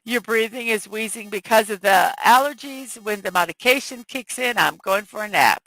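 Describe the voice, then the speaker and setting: A woman hosting a morning livestream in casual chat, her voice scratchy and hoarse, reading viewer messages aloud through a headphone mic. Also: medium pitch, normal speed, fairly bright tone, no room sound. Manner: reads viewer chat aloud, chatty and apologetic. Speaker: morning show host.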